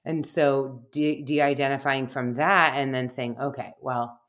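Very low-voiced woman telling stories. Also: steady tone, measured pace, fairly bright tone. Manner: reflective, anecdotal, many fillers. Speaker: guest, research scientist. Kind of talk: casual podcast conversation.

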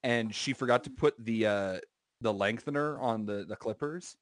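A man's voice: fairly low pitch, no echo, studio quality. Man telling a long story, casual. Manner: drawn-out anecdotes with many fillers. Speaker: podcast co-host.

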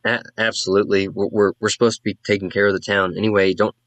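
A man's voice: lowish voice, level tone, a bit bright, no room sound, close to an everyday voice. A man voicing Inverna, a stammering adventurer. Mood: eager. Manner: stammering, hurried.

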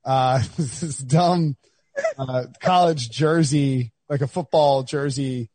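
A man's voice: mid-range voice, slow pace, darkish tone, no echo. A man hosting a podcast in rambling, joking casual chat. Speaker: podcast host.

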